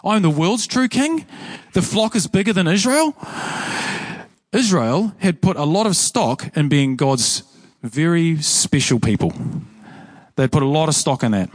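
A man delivers a sermon in a loose, conversational way, circling back and repeating key phrases for emphasis. His voice sits a little higher than most men's. It is recorded close and dry, with little room sound. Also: no room sound. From New Zealand. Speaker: pastor. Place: church.

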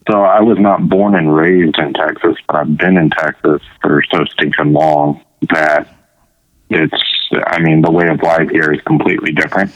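A man's voice: extremely low pitch, fairly even intonation, normal speed, a bit bright, no room sound, highs cut off. A man speaking as a podcast guest, rambling casually with frequent ums. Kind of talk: casual chat.

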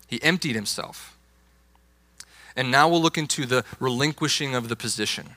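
A man's voice: mid-range voice, bright, forceful tone, no room sound. A young adult man, a youth pastor, preaching a sermon with emphatic, insistent stress on key words.

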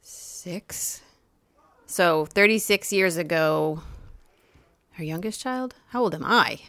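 Low gravelly woman in her forties. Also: lively intonation, slow pace, fairly bright tone, no room sound. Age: 40s. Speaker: podcast co-host. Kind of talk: casual chat.

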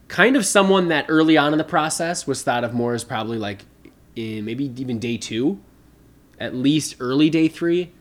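A man co-hosting a podcast, talking casually about sports with a lot of fillers and restarts. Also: medium pitch. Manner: rambling, conversational, many fillers. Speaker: podcast co-host.

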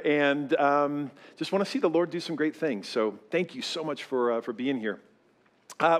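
A man of fifty preaching a sermon as pastor to his church, talking in a loose, self-deprecating way with many fillers. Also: a little high. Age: 50s. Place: church sanctuary with live congregation.

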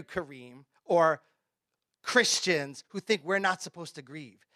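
A male pastor preaching a sermon in a conversational way, often dropping his voice to a near hush for emphasis. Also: a little high, slow, dry recording, studio quality.

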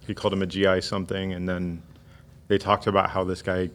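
A man's voice: sits low, completely flat delivery, a little fast, a bit bright. A man co-hosting a podcast, chatting in an easygoing, playful way. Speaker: podcast co-host. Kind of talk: casual chat.

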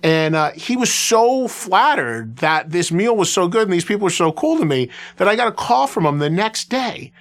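A male radio host with a voice pitched a touch above the usual for men. He tells stories in a loose, chatty manner, circling back and restarting sentences with plenty of casual fillers. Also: moderate pace, hardly any pauses. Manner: animated anecdotal telling, filler-heavy with restarts. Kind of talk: casual conversational storytelling.

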